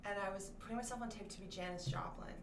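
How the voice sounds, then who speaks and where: A woman's voice: medium pitch, quick pace, vocal fry, roomy sound, distant mic, noisy background. A young woman, an actor, telling a wry story in casual chat. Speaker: actor guest at a roundtable.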